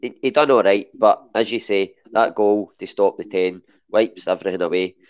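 A man's voice: lowish voice, normal speed, highs cut off. A Scottish man chatting as a podcast guest, hesitant and full of restarts. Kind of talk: casual chat.

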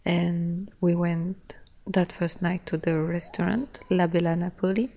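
A young woman hosting a podcast, casually recounting a trip in a relaxed, chatty way, often laughing between phrases. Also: fairly low pitch, slow pace. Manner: loose, simple phrasing with frequent "like" and "yeah". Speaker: podcast host. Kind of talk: casual travel storytelling.

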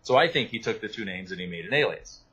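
A man, an author, talking through his research in an animated interview, with many restarts and asides. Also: fairly low pitch, fast, breathy edge, low-quality recording. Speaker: author and guest. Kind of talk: interview conversation.

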